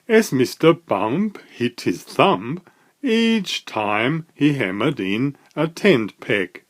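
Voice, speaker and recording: A man reading a children's picture book aloud, with slow, lively storytelling. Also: mid-range voice. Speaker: storybook reader.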